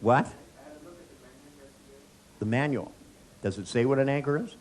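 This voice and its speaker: A man's voice: mid-range voice, unhurried, a little mellow, a little hiss or hum. A middle-aged man, a therapist, giving a live seminar lecture, joking, telling anecdotes and quizzing the audience. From United States.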